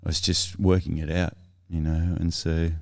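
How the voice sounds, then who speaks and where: A man's voice: low voice, level tone, moderate pace, gravelly, no echo, clean studio sound. A man as a podcast guest, earnestly telling his life story in a thoughtful, reflective way that is often self-correcting.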